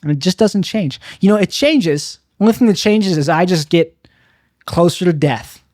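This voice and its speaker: A man's voice: high voice, expressive, normal speed, a little mellow, no room sound, studio quality. A young man doing a confessional stand-up monologue, rambling and bitter, mocking himself with frequent restarts. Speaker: stand-up comedian.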